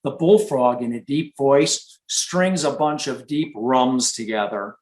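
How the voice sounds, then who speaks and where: A man from Michigan teaching about frogs in a relaxed, chatty live presentation, now and then imitating frog calls. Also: mid-range voice, slow, poor audio. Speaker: nature educator.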